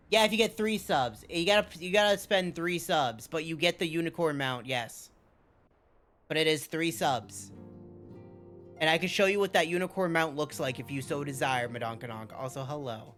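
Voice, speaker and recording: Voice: medium pitch, normal speed, soft background music. A live game streamer chatting with viewers, reading game lines aloud and ranting with plenty of swearing. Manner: reads cutscene lines aloud, swears, rants loudly.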